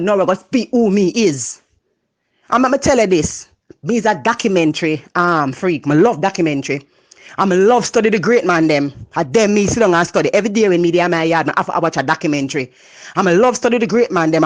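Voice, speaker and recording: Jamaican woman, motivational speaker, loud, passionate, patois-laced talk. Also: on the low side. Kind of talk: motivational monologue.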